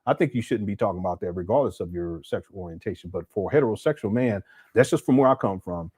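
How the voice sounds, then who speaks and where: A man's voice: on the low side, lively intonation, fast, darkish tone, slightly rough, no room sound. A man hosting a livestream, giving blunt, critical commentary and answering viewer chats, often restarting his sentences. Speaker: host.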